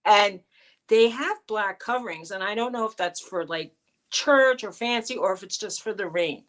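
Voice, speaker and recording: A middle-aged woman co-hosting a casual live chat, animated and coaxing her pet in a high baby-talk voice. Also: normal speed. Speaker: co-host of a live chat show.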